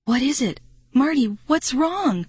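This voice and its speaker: A woman voicing a jumpy boy who turns shrill and panicky when scared, in a storybook reading. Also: very animated, takes it slowly, dry recording, full character voice. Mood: frightened.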